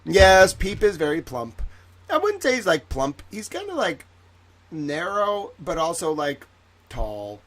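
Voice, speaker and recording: A man's voice: a little high, sing-song, a little slow. Rambling, jokey man hosting a livestream. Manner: rambling, jokey, swings between loud and soft. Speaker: livestream host. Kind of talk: casual livestream chat.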